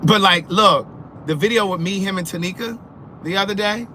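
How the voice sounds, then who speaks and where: A man vlogging from his car, chatting in an animated, sassy way and answering comments, sounding sleepy. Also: high voice, normal speed. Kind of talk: casual chat while driving. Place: in a car on the road. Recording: car road noise. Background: road noise.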